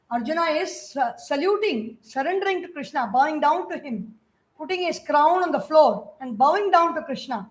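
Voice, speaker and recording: A woman with an Indian English accent giving a scripture discourse, chanting verses slowly in a sung tone and then explaining them in a conversational way. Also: high-pitched, expressive.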